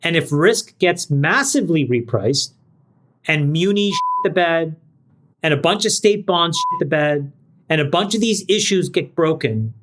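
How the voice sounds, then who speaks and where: A man co-hosting a podcast panel chat, laying out his argument in an emphatic, measured way. His voice sits a bit higher than most men's. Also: lively intonation, fairly bright tone, slight background noise. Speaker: podcast co-host.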